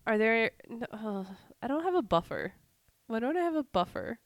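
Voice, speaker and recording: A woman co-hosting a podcast in casual chat, raspy from a cold, with joking asides. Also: a little high, sing-song, normal speed, no room sound. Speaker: podcast co-host.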